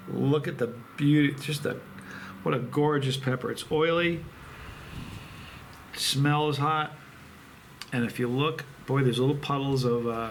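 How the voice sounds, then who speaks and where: A man speaks in a gravelly, slightly raised voice, circling back and restarting as he talks straight to the camera. His manner is heartfelt and rambling, with faint noise in the background. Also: on the high side. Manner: rambling, halting, emotional, many restarts. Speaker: chili pepper channel host. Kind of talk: casual vlog talk to camera.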